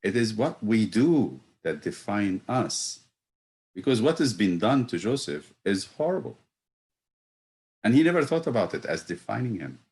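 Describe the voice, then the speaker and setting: A man, a priest, teaching a reflective Bible study, pausing often with fillers and building to emphatic rhetorical questions. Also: on the low side, very animated, a little mellow.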